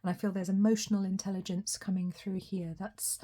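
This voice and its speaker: A woman giving a casual tarot reading, her voice a little hoarse from a recent cold, chatty and often laughing. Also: mid-range voice, little pitch movement, brisk. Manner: chatty, laughs often, some soft whispery asides. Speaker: tarot reader.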